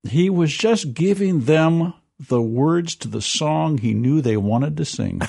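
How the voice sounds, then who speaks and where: A man co-hosting a history talk, lecturing and reading documents aloud in an animated way. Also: mid-range voice, creaky. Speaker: history podcast co-host. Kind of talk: casual history discussion.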